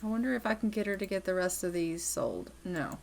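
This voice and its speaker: A young woman casually commenting on her gameplay in a chatty way, speaking her characters' thoughts in quick asides. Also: fairly low pitch, very animated, vocal fry, a little mellow, a little hiss or hum. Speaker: gaming video host.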